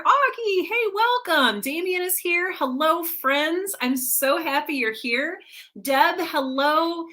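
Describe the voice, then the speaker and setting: A woman's voice: high-pitched, bright, forceful tone. A woman hosting a casual livestream from home, chatting and greeting viewers by name one after another. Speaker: livestream host. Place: at home with her cat.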